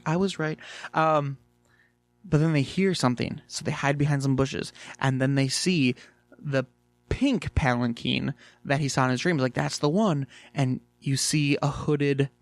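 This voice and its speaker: A man recaps a cartoon episode in an easygoing, excitable way, peppering it with fillers and swear words. His voice sits mid-range, and the recording is completely dry and close. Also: mid-range voice, no echo. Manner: animated, chatty, swears freely, many fillers. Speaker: video reviewer. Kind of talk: casual review chat.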